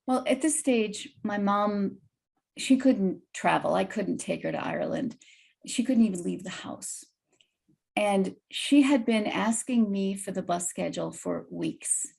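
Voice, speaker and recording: A woman guest telling a personal story in a lively, vivid way on a video call podcast. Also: medium pitch, a little slow, creaky, breathy edge.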